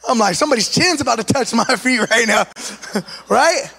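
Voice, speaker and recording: A man preaching a sermon with an East Los Angeles accent and a strikingly high voice. He tells an animated story, acts out the quotes and fills his talk with casual asides. His voice rings out with a long reverb around it. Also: moderate pace, creaky.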